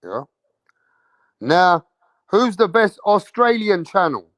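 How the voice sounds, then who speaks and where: A man's voice: high-pitched, big pitch swings, takes it slowly, fairly bright tone, dry recording, studio quality. A man with a London accent hosting a boxing livestream, brash and slangy, swearing and repeating himself as he calls out questions to his chat. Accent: London English. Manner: calls out to chat and waits for answers. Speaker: boxing channel host.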